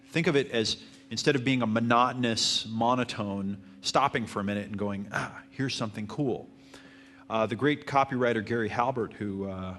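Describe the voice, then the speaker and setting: A man whose voice sits on the low side teaches marketing at a live seminar. He answers audience questions in a fairly even manner he himself calls monotone.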